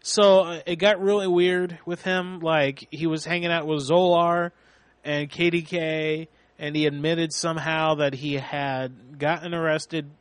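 A man's voice: fairly high pitch, little pitch movement, a little slow, smooth, dry recording. A man hosting a casual talk show, rambling with many restarts and laughs. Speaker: podcast host. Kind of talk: casual radio chat.

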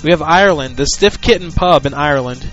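A man's voice: a little high, a little fast, a bit bright, soft background music. A man hosting a prank-call podcast who chats loosely and crudely, with plenty of fillers. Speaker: podcast host. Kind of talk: casual prank-call show banter. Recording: lo-fi podcast audio.

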